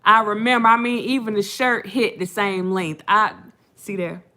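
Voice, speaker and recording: A woman's voice: medium pitch, normal speed, pushed and bright. A woman, hosting casual late-night commentary, chatty and laughing often while she retells things. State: has a headache. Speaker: channel host.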